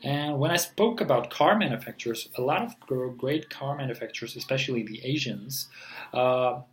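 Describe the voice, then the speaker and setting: A man's voice: mid-range voice, moderate pace, a little hiss or hum, poor audio. A man teaching in a casual, rambling lesson, with many fillers and restarts. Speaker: language teacher.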